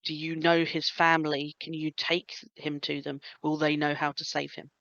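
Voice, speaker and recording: A woman's voice: sits low, flat delivery, normal speed, gravelly, a bit bright. A woman voicing an anxious protective man. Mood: worried. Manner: hesitant, lost. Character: anxious protective man guarding a sick boy. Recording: dull lo-fi sound.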